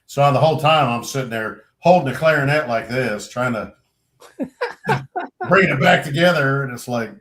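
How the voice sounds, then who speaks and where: A middle-aged man in casual storytelling mode, animated and a little profane. He acts out other people's lines with sudden jumps in pitch and volume, then drops back to an easy, ordinary voice. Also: moderate pace. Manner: animated storyteller, acts out quotes loudly, swears freely. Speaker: podcast co-host, veteran.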